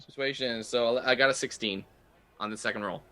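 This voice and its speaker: A man playing a tabletop game, chatty and reading rules aloud haltingly. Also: medium pitch, pushed and bright. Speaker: player. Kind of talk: casual tabletop play.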